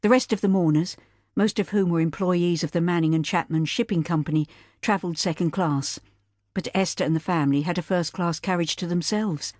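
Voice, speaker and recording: A woman's voice: fairly low pitch, a little fast, darkish tone, no echo, clean studio sound. Woman narrating a period saga. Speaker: audiobook narrator. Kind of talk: scripted narration.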